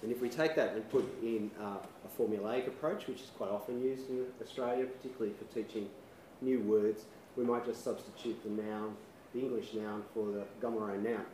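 A lower-pitched man gives a measured academic presentation, slipping in a dry joke now and then. He is recorded from a distance in a hall with a lot of echo. Faint room ambience hums behind him. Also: steady tone, dark tone, a little hiss or hum. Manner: measured, dry humour, occasional fillers. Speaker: conference presenter. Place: lecture hall. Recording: echoey hall, mic at a distance.

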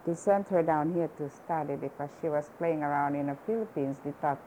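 A woman's voice: low-pitched, brisk, mellow, rough recording. An older woman from Hawaii telling family stories in a plain, rambling way during an oral history interview. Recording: faint background hiss.

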